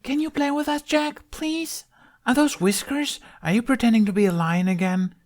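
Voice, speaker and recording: A man voicing a crowd of excited young village children in a storybook reading, clamoring eagerly for attention. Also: extremely high pitch, moderate pace, pitched above the performer's own voice. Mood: eager pleading.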